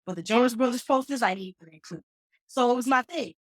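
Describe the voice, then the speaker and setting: A woman in her thirties from Dallas, a comedian guest telling a story in a casual, animated interview over a call. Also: fairly high pitch, quick pace, no echo, low-quality recording. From Dallas, Texas. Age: 30s. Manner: joking, animated storyteller with playful asides. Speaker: guest, comedian and flight attendant. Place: remote call.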